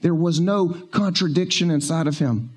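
A male pastor preaching a sermon in a church, conversational and joking, slowing down to stress key words. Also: a little high, darkish tone. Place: church sanctuary.

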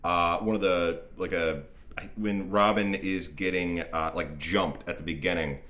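A man's voice: low-pitched, steady tone, unhurried, fairly bright tone. A man co-hosting a casual movie review podcast, dry and wry, trading mocking asides with his co-host.

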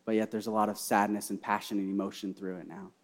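A young man preaching a sermon, repeating key phrases and swinging from hushed personal storytelling to loud, fervent cries. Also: fairly low pitch, level tone, fast talker. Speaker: pastor.

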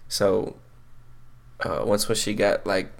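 A teenage man telling a story in a slow, crude, laughing way as a podcast co-host. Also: fairly low pitch, level tone, vocal fry. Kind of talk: casual chat.

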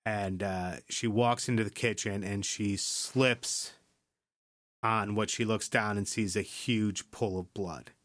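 A man's voice: on the low side, fairly even intonation, slow, a bit bright, no echo. Casual man retelling, dry close sound. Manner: loose storytelling with tag questions and cursing; skips ahead with "yada, yada". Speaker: podcast host. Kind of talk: casual chat, episode recap.

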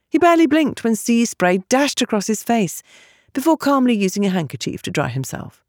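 A woman narrating a novel as an audiobook, with expressive storytelling. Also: fairly high pitch, creaky, no room sound, studio quality.

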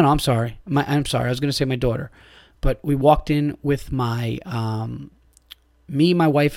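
A man's voice: mid-range voice, a little mellow, no echo, studio quality. A man in his thirties hosting a podcast, ranting through a long story with lots of swearing, fillers and restarts. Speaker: podcast host. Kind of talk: casual storytelling monologue.

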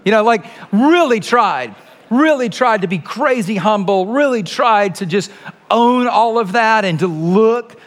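Male pastor, 40s, animated self-deprecating sermon storyteller, bright high register. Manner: animated, self-mocking storytelling with many restarts.

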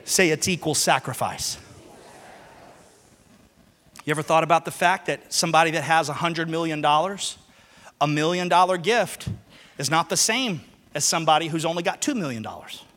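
A man preaching a sermon to a congregation, moving from quiet teaching to loud, shouted passages and asking the room to repeat lines after him. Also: fairly high pitch, moderate pace, pauses often. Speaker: pastor. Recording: long hall reverb.

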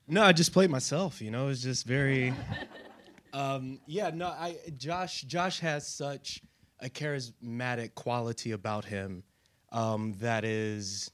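A man's voice: medium pitch, unhurried. An American man answering questions as an actor guest on a panel, enthusiastic and laughing, with plenty of fillers. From United States.

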